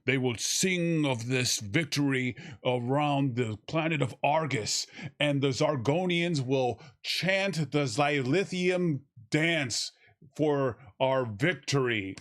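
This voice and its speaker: A man voicing a pompous, solemn male hero from a space epic, with grandiose, archaic, drawn-out speech. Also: mid-range voice, animated, voice pushed down. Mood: mock-solemn.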